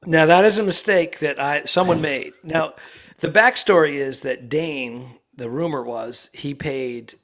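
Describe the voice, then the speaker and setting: A man co-hosting a comedy podcast, chatting casually from a quiet room in a busy guest house. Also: fairly high pitch, unhurried. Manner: rambling, drops to a hushed voice. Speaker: podcast co-host.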